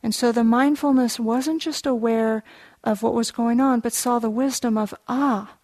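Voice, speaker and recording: A woman meditation teacher tells a story during a dharma talk, her voice sitting a little higher than most. She speaks gently and without hurry, pausing to explain contemplative terms. The recording is close and dry, with almost no room sound. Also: steady tone, dry recording.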